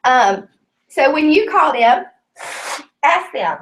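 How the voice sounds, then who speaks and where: Speaking slowly with long pauses, a business trainer with a high, very animated voice teaches a small class casually and earnestly, using lots of fillers. She is tearful at times, and her voice is captured from across a noisy room.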